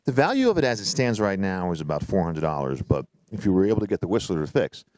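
A man's voice: low voice, very animated, quick pace, a little mellow, no room sound. A man from Connecticut hosting a collectibles appraisal show, chatting casually with fillers and restarts.

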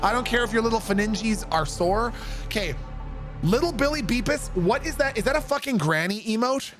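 Excitable high-voiced male streamer. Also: a little fast, music in the background. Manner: excitable, swearing, laughing often. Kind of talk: casual chat with stream viewers.

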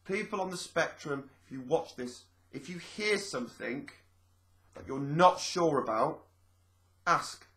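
A man talks straight to his viewers in a relaxed, explanatory vlog. His voice sits a little high for a man. He rambles, restarts and repeats himself as he works through each point. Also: a little slow. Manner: chatty and rambling, repeats phrases, acts out quoted speech. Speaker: vlogger.

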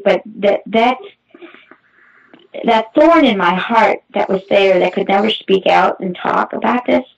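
A middle-aged woman giving a halting, emotional personal testimony as a guest, with many restarts. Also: mid-range voice, gravelly. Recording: muffled distant mic.

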